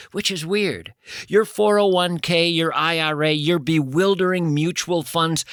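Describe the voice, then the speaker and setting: A man with a high, bright voice reads an ad in a playful, theatrical way. He is the show's host. The sound is dry and close. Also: no echo. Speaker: host reading an ad. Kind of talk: comic ad read.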